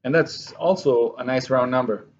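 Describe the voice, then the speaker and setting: A man's voice: mid-range voice, moderate pace, dull audio, slight background noise. A man teaching a math lesson, explaining his work step by step to his students and correcting himself as he writes. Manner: talks to students while writing, with self-corrections. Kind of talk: classroom lesson walkthrough.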